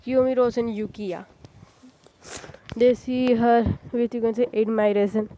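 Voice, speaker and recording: A woman casually retelling a fan story, halting often, padding with filler phrases and correcting herself. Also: a little high, steady tone, mellow, dull audio, a little hiss or hum.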